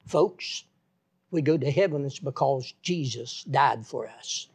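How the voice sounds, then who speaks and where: A man's voice: medium pitch, slow, husky. A man preaching a sermon in an earnest, folksy way, repeating phrases and stammering on restarts.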